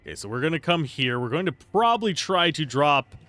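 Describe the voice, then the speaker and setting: A man's voice: fairly high pitch, sing-song, brisk, pushed and bright, no echo. A man casually commenting on his gameplay in a laid-back, wry way, thinking aloud. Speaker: let's play streamer.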